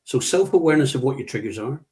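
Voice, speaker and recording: Emphatic mellow-voiced middle-aged man. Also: mid-range voice, expressive, quick pace. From United Kingdom. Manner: emphatic, repeats key words, acts out quoted speech. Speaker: leadership trainer, guest. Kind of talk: conversational interview, anecdotal.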